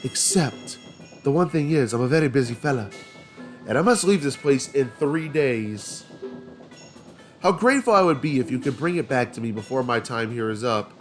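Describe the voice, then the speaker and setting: A man's voice: medium pitch, expressive, normal speed, faint music behind, natural voice. A man voicing a creepy, overly polite male mask salesman from a video game. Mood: sly. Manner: formal, polite, unsettling.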